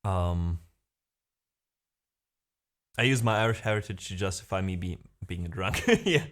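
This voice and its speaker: A man's voice: low voice, steady tone, measured pace, a bit bright. Man chatting casually on stream. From Germany. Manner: rambling, hesitant, many fillers. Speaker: livestream host. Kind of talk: casual chat with viewers. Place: home room.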